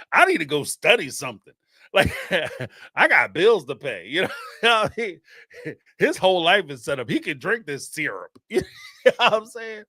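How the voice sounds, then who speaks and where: A middle-aged man hosts a casual podcast chat, telling rambling stories and laughing often. His pitch swings widely as he talks. The recording is dry, with almost no room sound. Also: no room sound. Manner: laughing, rambling, animated storytelling. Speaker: podcast host.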